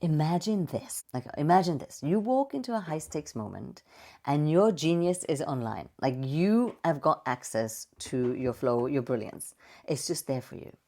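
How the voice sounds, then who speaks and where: A woman voice coach giving a playful, expressive presentation with slides and vocal demonstrations. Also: deep voice, normal speed. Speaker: voice and speaking coach.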